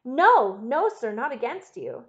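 A woman's voice: mid-range voice, a little fast, a little mellow, dull audio, natural voice. A woman voicing a distraught middle-aged housekeeper who earnestly confesses to her master, in an audiobook reading.

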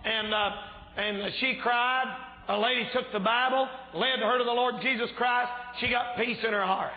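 A man preaches a fervent revival sermon, shouting out his points with a slightly strained voice. His voice sits high for a man. The recording is tinny and phone-like, with a long church-hall echo. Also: fairly even intonation, moderate pace. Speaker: pastor.

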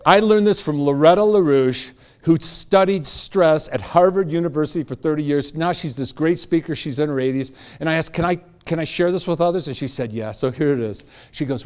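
High-energy man giving a motivational talk. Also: brisk, few pauses. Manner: energetic, joking, leads the audience in exercises. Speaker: motivational speaker. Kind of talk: motivational talk to a live audience.

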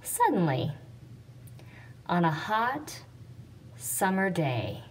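A woman's voice: lowish voice, very animated, slow pace, long pauses. Patient woman teacher, distant mic. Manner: patient, explaining step by step. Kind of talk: classroom explanation. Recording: distant mic with faint noise.

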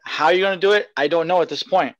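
A man co-hosting a podcast in casual chat, rambling and excitable, laughing often. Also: on the high side, rapid-fire, no echo, low-quality recording. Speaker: podcast co-host.

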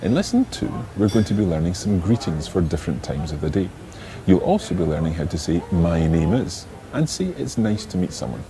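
A patient Scottish man, a French teacher, gives a podcast language lesson in a low, expressive voice. He models pronunciation slowly and carefully while crowd noise plays in the background.

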